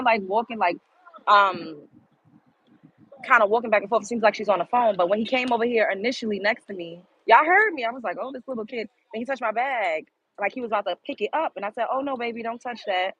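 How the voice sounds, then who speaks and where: A woman's voice: medium pitch, a bit bright, breathy edge. Woman talking to her live viewers on her phone, chatty, exclamatory, kinda muffled lo-fi audio. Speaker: livestream host. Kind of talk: casual live-stream chat to viewers.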